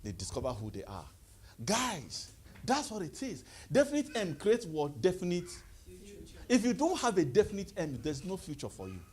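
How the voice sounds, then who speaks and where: A man giving a lively motivational talk to a live audience, calling out questions and having the crowd answer. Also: moderate pace, slightly rough. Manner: call-and-response, rising to high exclaims. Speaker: motivational speaker.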